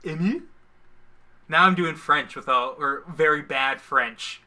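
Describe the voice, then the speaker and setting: Stream co-host guy, high-ish super bright voice, teasing himself a lot. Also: a little slow. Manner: jokey, self-mocking. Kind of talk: casual stream chat.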